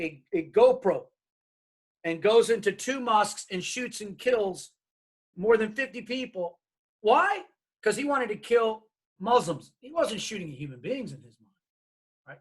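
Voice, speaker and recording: A man's voice: high-pitched, husky. A middle-aged man giving a diversity workshop, telling stories and acting out the people in them. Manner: animated, acts out quoted dialogue. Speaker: diversity trainer.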